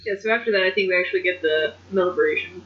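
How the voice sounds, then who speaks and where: A woman's voice: on the low side, fast, background noise. Female co-host, chatty recapper, muffled lo-fi podcast audio. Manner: chatty, recaps events with quoted asides. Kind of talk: casual chat about wrestling.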